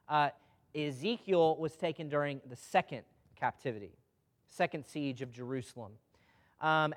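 A man preaching a sermon in a loose, conversational way, often putting questions to the congregation. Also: fairly high pitch.

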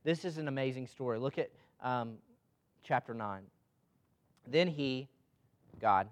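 A man's voice: medium pitch, measured pace, pauses often. Conversational man preaching a sermon. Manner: conversational, asks the congregation questions.

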